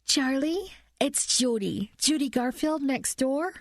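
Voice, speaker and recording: This is an uptight woman neighbor from an audiobook mystery, as a woman narrator puts her on. Her voice is pitched high and held tight, and every word comes out clipped and strained. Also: animated, slow pace, dry recording, clean studio sound, full character voice. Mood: tense. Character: tense, overly formal woman neighbor.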